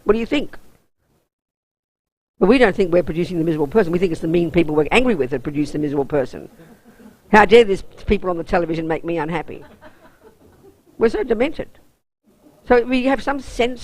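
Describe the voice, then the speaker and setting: A woman's voice: lowish voice, a little mellow, husky, low-quality recording. An Australian woman, a Buddhist nun, teaching a weekend course in an intense, emphatic, down-to-earth way.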